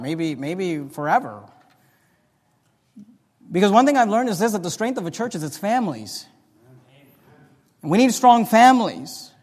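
A man preaching a sermon as pastor, moving between quiet talk and loud, emphatic delivery. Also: a little high. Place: church sanctuary. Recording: long reverb of a church hall.

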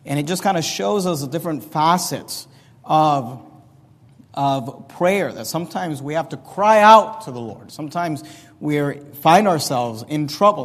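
A male pastor delivers a sermon in an earnest, plain-spoken teaching manner, often restarting his phrases. His voice sits slightly higher than most men's. The sound carries the long reverb of a large hall. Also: breathy edge.

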